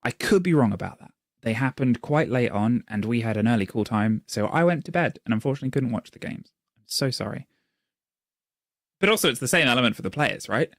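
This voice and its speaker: Esports play-by-play caster. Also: male voice, medium pitch, animated, a little fast, dry recording, studio quality. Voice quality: rambling, self-deprecating asides. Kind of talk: play-by-play commentary.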